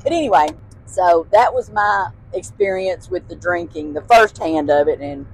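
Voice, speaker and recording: A woman's voice: fairly low pitch, animated, moderate pace, breathy edge, poor audio. A woman, a guest telling childhood stories in casual chat, laughing often and using folksy phrasing. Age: 60s.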